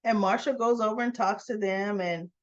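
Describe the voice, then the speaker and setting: A woman's voice: medium pitch, fairly even intonation, moderate pace, highs cut off. Chatty woman recapping a soap episode. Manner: chatty, self-correcting, ends points with "right?". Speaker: soap opera recap vlogger.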